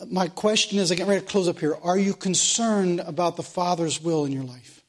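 A man's voice: high-pitched, a little fast. A man preaching a sermon, emphatic and repetitive, asking the congregation rhetorical questions.

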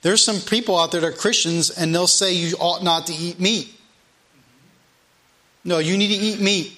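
Emphatic preacher, bright high voice. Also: male voice, steady tone. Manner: slow, emphatic King James reading. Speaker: pastor. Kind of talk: sermon with scripture reading.

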